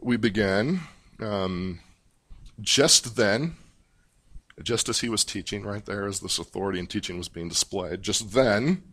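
A man delivering a sermon in a slow, deliberate cadence, his voice sitting on the low side. He teaches a Bible passage with measured emphasis, pausing to stress key points. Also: fairly bright tone. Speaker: pastor. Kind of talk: expository sermon.

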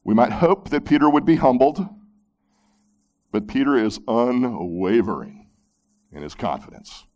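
Slow, dramatic preaching man. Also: animated. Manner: dramatic swings from loud emphatic peaks to hushed low phrases; reads scripture aloud and then comments on it. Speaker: pastor. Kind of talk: sermon.

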